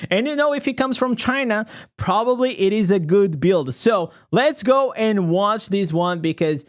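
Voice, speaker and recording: A man giving casual, excitable reaction commentary as a gaming content creator, chatty and laughing often. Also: high voice, measured pace.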